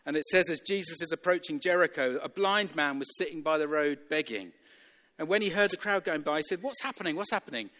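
An emphatic male preacher with a rather high voice, hammering home points through repetition. His sermon carries the long reverb of a church hall. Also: brisk, sharp tone. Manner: emphatic, repeats phrases, chuckles between points.

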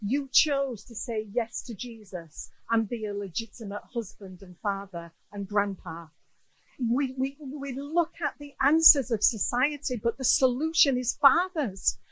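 A woman's voice: on the high side, unhurried, poor audio. A middle-aged woman preaching a sermon, earnest and emotional, acting out the people she quotes. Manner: earnest, emotional, quotes others in lively voices. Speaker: guest speaker.

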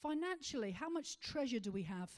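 A woman preaching a sermon, asking rhetorical questions and slowing to stress key words. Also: high-pitched, animated.

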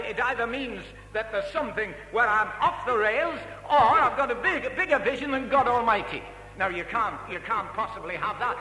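Brief: preacher, high bright fervent voice, big church hall echo, faint music behind. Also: male voice. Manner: fervent, storytelling with put-on voices. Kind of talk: sermon.

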